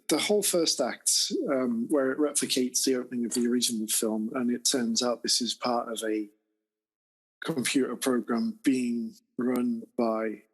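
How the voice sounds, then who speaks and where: A man with a husky, slightly raspy voice talks films on a podcast. He sounds relaxed and easygoing, and he readily agrees with the others. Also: mid-range voice. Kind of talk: casual film discussion.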